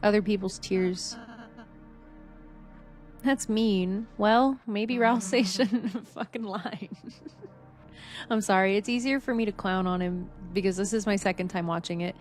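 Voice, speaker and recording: A woman's voice: medium pitch, fairly even intonation, unhurried, pauses often. A young woman streaming a game, chatting casually and emotionally, laughing and swearing now and then. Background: faint game music.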